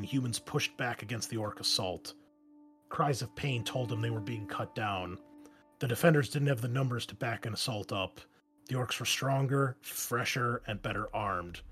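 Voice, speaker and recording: A man narrating a fantasy war story in a steady, measured storytelling manner, over faint music. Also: medium pitch.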